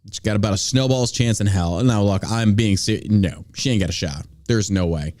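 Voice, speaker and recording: A man's voice: lowish voice, brisk, few pauses, a little mellow. A man hosting a podcast, ranting through political commentary in a heated, profane way. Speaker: podcast host.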